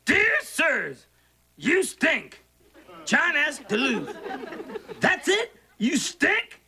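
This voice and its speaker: A man's voice: very high-pitched, wildly swooping pitch, very slow, gravelly, heavily acted, poor audio. An actor voicing a sarcastic male stuffed toy bunny in a sitcom, with snide, theatrical wisecracks. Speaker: sitcom character. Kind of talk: sitcom acting. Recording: sitcom audio with loud studio laughter. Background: audience laughter.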